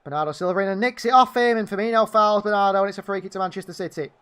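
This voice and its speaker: A man's voice: high voice, very fast, a bit bright, clean tone. A man giving partisan live fan commentary on a football match, calling the play and venting at the referee. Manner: partisan, indignant outbursts at the referee.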